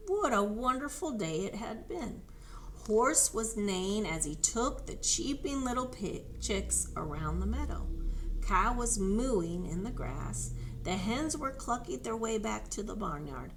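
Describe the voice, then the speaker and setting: Slow, sing-song woman reading to children. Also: medium pitch, a little hiss or hum. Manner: animated, sing-song, coaxing children to join in. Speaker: librarian storyteller. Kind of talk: reading a picture book aloud to children.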